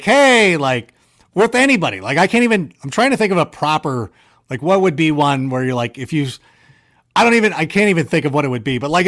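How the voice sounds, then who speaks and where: A man telling rambling, self-mocking anecdotes in a casual chat, with lively jumps in his voice. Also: fairly high pitch.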